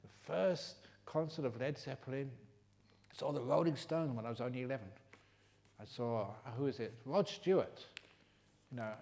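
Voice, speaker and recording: An older man from England leading a retreat Q&A, teaching in a humorous, teasing way that turns gentle and reflective. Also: medium pitch. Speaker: meditation teacher answering questions. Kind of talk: retreat Q&A talk. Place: retreat hall.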